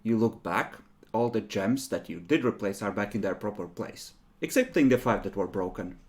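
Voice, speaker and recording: A man in the game master's seat describes the scene in an unhurried, descriptive manner. His voice rises and falls with lively pitch. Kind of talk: narrating a tabletop game.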